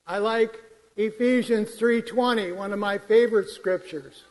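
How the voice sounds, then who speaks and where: A man preaching a sermon in a church, quoting scripture in a measured, emphatic way. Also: high voice, a little mellow. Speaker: pastor. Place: church sanctuary. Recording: long hall reverb.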